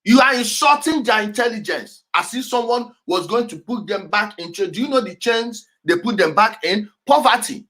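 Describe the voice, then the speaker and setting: A man's voice: high voice, lively intonation, moderate pace, hardly any pauses, bright, forceful tone. A man hosting a show, reacting to clips with emphatic, repetitive commentary and frequent laughter. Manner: emphatic, repeats key words, laughs often. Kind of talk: animated commentary over clips.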